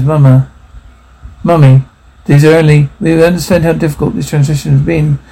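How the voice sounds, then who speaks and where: A man's voice: fairly high pitch, vocal fry, mellow, breathy edge, poor audio. A man reading a film's dialogue and sound captions aloud, doing every part and cue in one voice.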